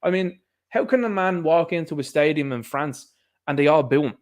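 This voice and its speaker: Animated Irish man with a raised pitch. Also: normal speed. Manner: animated, sarcastic, laughs at his own jokes. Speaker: political commentator. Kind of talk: casual political monologue.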